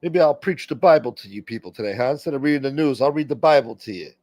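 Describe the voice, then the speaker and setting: Animated and fast, this livestream host has a medium-pitched, darkish voice recorded with no echo. He rambles on casually, cursing freely and reading chat messages out loud.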